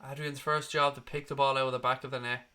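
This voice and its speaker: A man's voice: medium pitch, level tone, fast talker, bright, forceful tone, clean tone. A man hosting a live football watchalong, reacting bluntly to the match and swearing freely as he talks his viewers through it. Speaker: football fan channel host.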